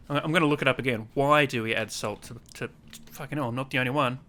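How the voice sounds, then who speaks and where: A man's voice: medium pitch, steady tone, quick pace, sharp tone. A man in his thirties hosting a casual podcast chat, telling stories animatedly and acting out quotes in raised voices. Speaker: podcast host.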